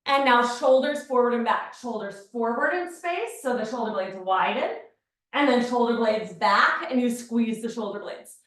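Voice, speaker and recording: A woman teaching a beginner Pilates class, calmly talking the listener through each movement step by step. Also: fairly high pitch, moderate pace. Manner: calm step-by-step movement cues. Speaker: Pilates instructor. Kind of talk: guided exercise class. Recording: very echoey room, mic far off.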